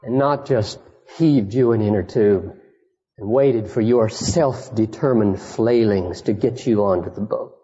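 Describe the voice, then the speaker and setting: A man preaching a sermon with passion, swinging from high, emphatic peaks down to hushed storytelling. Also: unhurried, slightly rough. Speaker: pastor. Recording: dull archival sermon recording in a reverberant hall.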